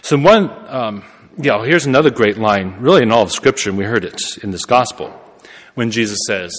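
A man's voice: fairly low pitch, animated, moderate pace, a bit bright. A man preaching a sermon in a conversational way, correcting himself and laughing at his own remarks. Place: church. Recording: long reverb of a church hall.

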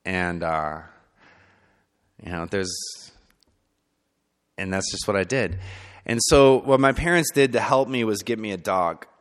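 A man telling a story from his childhood in a loose, conversational way, full of fillers, sometimes soft and sometimes emphatic. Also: fairly low pitch, expressive, a little slow, pauses often, clean tone. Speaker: speaker sharing personal testimony. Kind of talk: personal storytelling talk. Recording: long hall reverb.

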